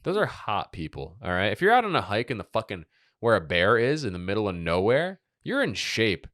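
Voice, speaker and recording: A man's voice: lowish voice, brisk, dry recording, studio quality. A young man hosting a podcast, riffing crude jokes with lots of swearing and laughter. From Los Angeles. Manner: riffing, laughing, swearing, animated silly bits. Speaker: podcast host. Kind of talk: crude casual banter.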